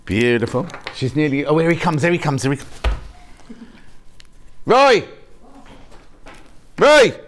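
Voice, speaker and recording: A man hosts a live shopping channel show in a TV studio, chatting, joking with the crew, and reading viewer messages aloud during the sales chat. His voice is mid-range and fast.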